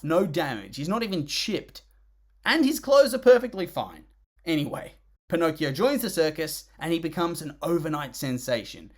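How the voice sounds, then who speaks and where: A film reviewer narrating a comedic review in a sarcastic, exasperated way, groaning and sighing in disgust. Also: mid-range voice.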